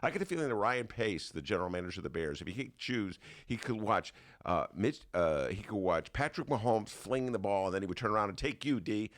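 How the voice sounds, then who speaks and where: An older man hosts a podcast, telling stories in a casual comedic monologue and slipping into put-on voices as he animates them. His voice is on the low side, a little fast, with few pauses.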